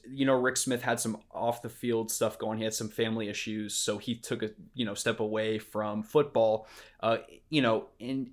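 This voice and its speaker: A young man from Houston co-hosting a sports podcast, ranting in exasperated, profane bursts. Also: fairly low pitch. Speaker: podcast co-host. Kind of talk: casual sports chat.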